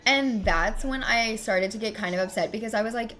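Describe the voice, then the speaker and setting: A young woman streamer chats casually, telling a rambling story in a slightly high, fairly bright voice at a brisk pace. She sounds hurt and frustrated as she vents, her talk full of fillers and swearing.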